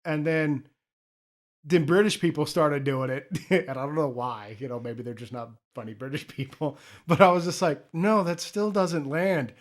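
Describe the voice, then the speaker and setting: A man's voice: mid-range voice, normal speed. A young man co-hosting a podcast, rambling about movies in casual chat, often restarting his sentences and laughing. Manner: rambling, self-interrupting, swears, laughs often. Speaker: podcast co-host.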